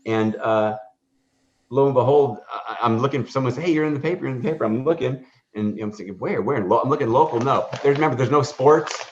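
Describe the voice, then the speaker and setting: A man's voice: mid-range voice, fast, a little hiss or hum. A man telling a story in a podcast interview, rambling through fillers and restarts and acting out the dialogue. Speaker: guest, hot dog stand owner. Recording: dull lo-fi podcast audio.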